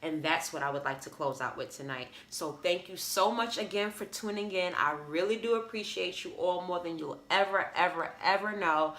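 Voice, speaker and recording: A woman's voice: on the low side, normal speed, few pauses, a bit bright, roomy sound. A woman hosting a motivational podcast, speaking earnestly and encouragingly, often repeating phrases for emphasis. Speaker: podcast host.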